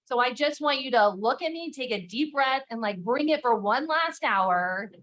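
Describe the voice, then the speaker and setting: A woman with a slightly higher voice moderates a conference panel. She talks to the audience in a direct, lively, conversational way, as in a lecture hall. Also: normal speed. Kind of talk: conference talk.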